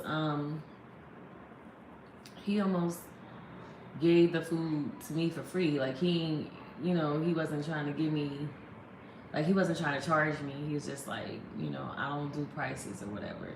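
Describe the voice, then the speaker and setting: A woman's voice: sits low, a little slow, darkish tone, roomy sound, a little hiss or hum. A woman in her thirties chatting casually to a phone camera, rambling and laughing often. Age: 30s. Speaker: vlogger.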